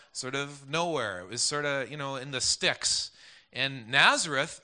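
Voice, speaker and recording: A man's voice: on the high side, bright, forceful tone. A man preaching a conversational sermon, rambling with many restarts and asides. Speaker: pastor.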